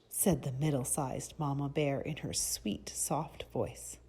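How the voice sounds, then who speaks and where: A woman reading a picture book aloud to children in a soft, breathy, expressive way, pausing to ask them questions. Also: extremely low pitch. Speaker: children's storyteller.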